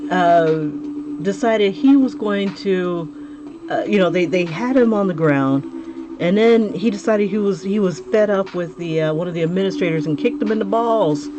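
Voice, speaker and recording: A woman's voice: fairly low pitch, background noise. A chatty woman livestreaming while she draws, talking to viewers with frequent laughs and restarted sentences. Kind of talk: casual livestream chat while drawing. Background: music playing clearly.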